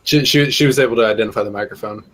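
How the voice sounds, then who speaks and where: Husky man joking about himself. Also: on the low side, racing, a bit bright. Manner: laughing, self-mocking banter. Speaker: podcast co-host. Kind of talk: casual chat.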